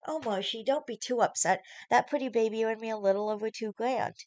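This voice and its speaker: A woman's voice: fairly high pitch, fairly quick, darkish tone, pitched above the performer's own voice, lightly acted. A woman voicing a spiteful, taunting young woman in a storybook reading, with a mocking tone. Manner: mocking, teasing.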